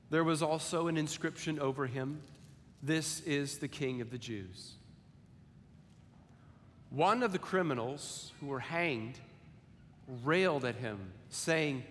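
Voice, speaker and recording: A man preaching a sermon and reading scripture, deliberate and measured, lifting his voice for quoted lines and sinking soft on solemn ones. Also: on the high side, slight background noise. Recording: long hall reverb, faint ambience.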